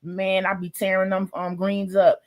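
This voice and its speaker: A woman, talking bluntly and emphatically in a casual livestream discussion, acting out conversations with animated voices. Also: mid-range voice, normal speed. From United States.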